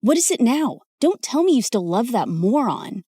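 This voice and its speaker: A pushy teenage boy, protective and jealous, presses his point insistently, as a woman voices him. The voice stays fairly high and the recording is dry. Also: very animated, moderate pace, mellow, slightly rough, no room sound. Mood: bitter.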